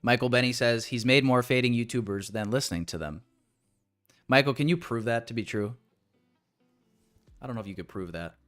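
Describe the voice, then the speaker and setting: A man's voice: medium pitch, fairly quick, pauses often, a bit bright, faint music behind. A man streaming live while day trading, bantering with his chat in a joking, profane, casual way.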